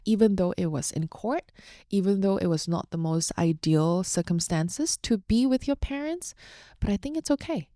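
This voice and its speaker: A woman's voice: lowish voice, dark tone, dry recording, clean studio sound. A young adult woman hosting a podcast, sharing a personal story in an open, heartfelt, chatty way with fillers. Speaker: podcast host.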